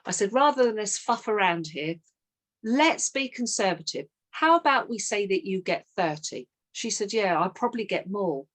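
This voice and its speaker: A middle-aged woman leads a team coaching session in an even, mid-range voice. She tells stories with animation and plays both sides of a sales call. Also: medium pitch, normal speed.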